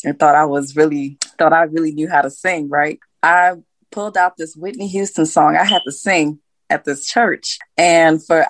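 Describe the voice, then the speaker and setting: A woman singer as an interview guest, telling candid stories with frequent laughs. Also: deep voice. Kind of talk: casual interview.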